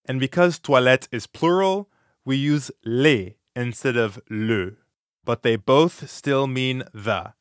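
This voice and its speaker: Man leading a slow language drill. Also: medium pitch, no echo, clean studio sound. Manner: slow, clear, encouraging pronunciation drills. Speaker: language lesson host. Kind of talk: scripted language lesson.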